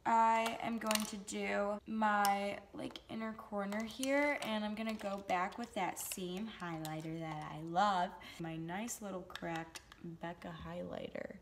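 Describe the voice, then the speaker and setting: A woman's voice: medium pitch, slow pace, few pauses, slight background noise. A young adult woman chatting casually through a makeup tutorial, with goofy joking asides. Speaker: beauty vlogger.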